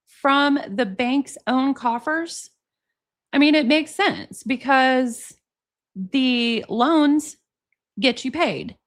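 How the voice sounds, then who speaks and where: A woman in her forties talks through a live reaction stream, her voice sitting a little high. She is sarcastic and exasperated, breaks into laughs, and addresses her viewers directly. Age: 40s. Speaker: commentary streamer.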